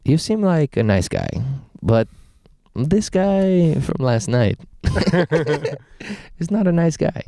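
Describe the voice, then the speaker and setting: A man putting on a high, formal voice with an accent for a polite, charismatic male cruise ship security guard. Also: very animated, drawn-out words, vocal fry, few pauses, dark tone, smooth, no room sound, clean studio sound, heavily acted. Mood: earnest. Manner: formal, overly courteous, put-on accent.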